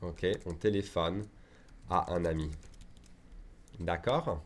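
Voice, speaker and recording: A man's voice: low voice, slow. A man teaching an online language lesson, chatty and full of asides, often checking in with his students. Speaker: French teacher.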